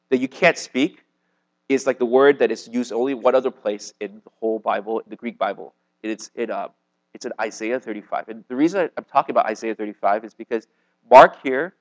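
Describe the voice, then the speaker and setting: A man preaching a casual sermon, explaining a Bible passage with slang, restarts and bursts of loud emphasis. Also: fairly low pitch, poor audio. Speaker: pastor.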